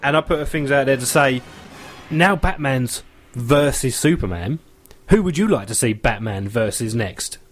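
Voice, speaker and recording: A man's voice: medium pitch, normal speed. A man hosting a live comedy radio show about films, talking casually and animatedly and laughing often. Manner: animated, laughs often, acts out scenes in voices. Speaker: podcast host.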